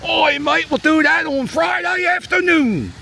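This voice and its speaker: A man's voice: very high voice, expressive, unhurried, gravelly, bright, forceful tone, a little hiss or hum, pitched above the performer's own voice, heavily acted. A man voicing a cheerful male Australian tourist who knows nothing about American football, with a put-on Australian accent and an exaggerated, slang-heavy drawl. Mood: jokey.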